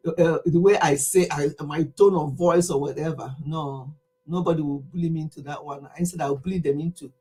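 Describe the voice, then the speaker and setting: A woman's voice: deep voice, fairly even intonation, fairly quick, mellow, breathy edge. A Nigerian woman in her fifties, chatting animatedly to camera in a casual vlog monologue and laughing easily. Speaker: vlogger.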